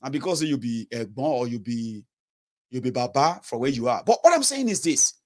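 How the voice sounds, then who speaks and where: A man's voice: medium pitch, very animated, a little fast, darkish tone. A man in his thirties with a Nigerian Yoruba accent, giving an earnest, pleading political monologue straight to his viewers and slipping into Pidgin. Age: 30s. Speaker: political commentator. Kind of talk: impassioned direct-to-camera monologue.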